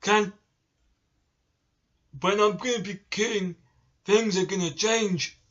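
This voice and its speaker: A vlogger doing a slow, pompous impression of a British royal heir. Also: medium pitch, steady tone, fairly bright tone, lo-fi sound. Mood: grand. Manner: slow and stately.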